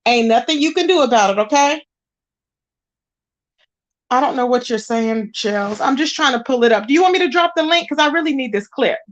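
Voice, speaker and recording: Woman on a livestream, high voice, chatty, calls everyone baby and child, AAVE. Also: lively intonation, fairly quick, highs cut off. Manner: chatty, greets viewers, exasperated searching. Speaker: livestream host. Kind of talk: casual livestream chat.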